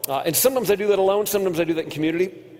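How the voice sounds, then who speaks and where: A man's voice: sits high, racing. Man preaching in an echoing hall. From United States. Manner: earnest storytelling, drops quiet on painful moments. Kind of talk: conference sermon with personal story. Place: large hall. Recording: long hall reverb.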